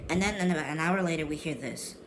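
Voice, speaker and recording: With a slightly high voice and a fast way of talking, a young guy spins a casual vlog story. His telling is slangy and meandering, full of repeats and restarts, over constant background noise.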